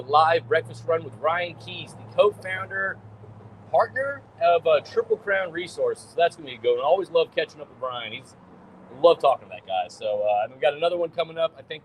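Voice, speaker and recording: A chatty, upbeat man hosts a casual livestream with a fairly high voice. He greets viewers and hands out shout-outs. Faint street and traffic noise sits behind him. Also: fairly quick, low-quality recording. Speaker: host.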